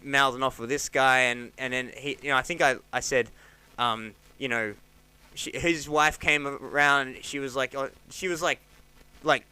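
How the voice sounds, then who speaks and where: A man's voice: normal speed, clean tone. An Australian man in his thirties, a stand-up comedian telling rambling stories on a podcast and acting out what people said. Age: 30s. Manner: rambling, animated, acts out quotes with jumps in pitch. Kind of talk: casual storytelling chat.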